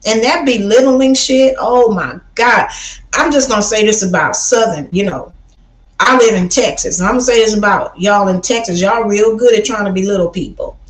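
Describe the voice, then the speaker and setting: A woman's voice: mid-range voice, moderate pace, roomy sound, poor audio. A woman from Chicago hosting a casual livestream, talking in a blunt, preachy way and often calling listeners baby. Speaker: livestream host.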